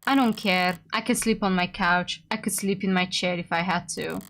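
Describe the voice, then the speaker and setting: A woman voicing a weary lawyer who narrates inner thoughts in a quiet, dry tone. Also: lowish voice, fairly even intonation, normal speed.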